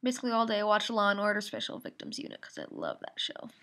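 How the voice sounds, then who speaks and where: A woman's voice: mid-range voice, huge pitch swings, fast talker, fairly bright tone. A teenage girl rambling through a casual video journal from her mother's office, venting with lots of ums and likes. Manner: rambling and venting, full of fillers. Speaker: video diarist.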